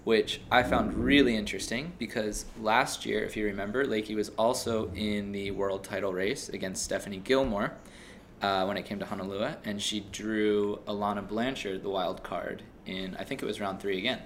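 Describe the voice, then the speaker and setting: A man's voice: on the low side, steady tone, moderate pace, fairly bright tone, slight background noise. A man hosting a casual podcast chat, talkative and loose, swearing casually as he asks questions. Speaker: podcast host.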